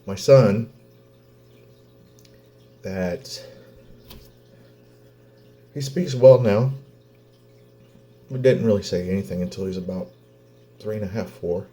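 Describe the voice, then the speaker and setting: A man's voice: fairly low pitch, steady tone, dark tone. A man, a father venting in a personal vlog, blunt and swearing, close to tears. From Oklahoma. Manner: blunt, heavy swearing, halting pauses. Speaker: vlogger, father.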